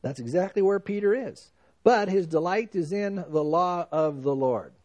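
A man preaching a sermon in a relaxed, conversational way, dropping in "you know" asides as he goes. His voice sits fairly high for a man. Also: normal speed. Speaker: pastor.

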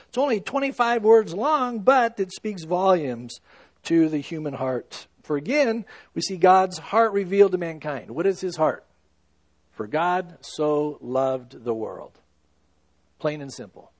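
A man preaching with earnest emphasis, his fairly high voice rising to loud stresses and dropping to hushed, slow lines. The sound is dry and close, with no room echo. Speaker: pastor. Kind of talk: sermon.

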